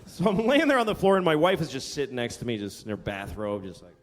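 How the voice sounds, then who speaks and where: Animated middle-aged male comedian ranting. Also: mid-range voice, fast. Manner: profane, exasperated storytelling with sudden rants. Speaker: stand-up comedian. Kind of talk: stand-up routine. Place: live comedy venue with audience. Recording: live stage recording in a big hall with crowd and noise. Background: audience laughter.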